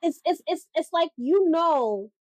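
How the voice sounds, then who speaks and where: A woman's voice: very high-pitched, expressive, a little slow, dry recording, clean studio sound. A woman co-hosting a podcast in casual chat, reading passages aloud and explaining them with some playful teasing. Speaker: podcast co-host.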